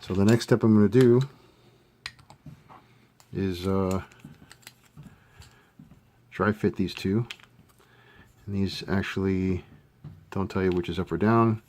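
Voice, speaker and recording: A man giving a casual hands-on modeling tutorial, thinking aloud with relaxed fillers as he works. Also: deep voice, takes it slowly, long pauses, slight background noise. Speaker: scale model hobbyist demonstrating a kit build.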